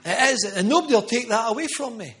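A man's voice: very high-pitched, lively intonation, quick pace. A middle-aged man preaching a charismatic sermon with prophetic words, fervent and emphatic, repeating phrases for stress. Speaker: pastor.

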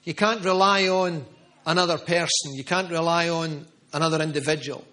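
Fervent male preacher, high voice. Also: steady tone, normal speed, sharp tone. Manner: fervent, emphatic, repeats phrases for stress. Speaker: pastor. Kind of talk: charismatic sermon with prophetic words.

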